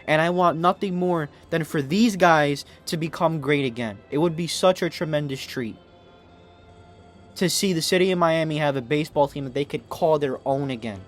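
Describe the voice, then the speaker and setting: A young man rants to camera as a sports podcast host, fired up and emotional, near tears. His voice sits fairly high for a man, and he keeps tripping over restarts and swearing. Faint music plays behind him. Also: moderate pace. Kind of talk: impassioned fan rant to camera.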